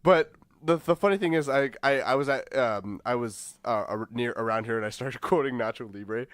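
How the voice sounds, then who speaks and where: A young man co-hosting a podcast, telling stories in an animated way and laughing often. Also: medium pitch, normal speed, dry recording. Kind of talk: casual chat.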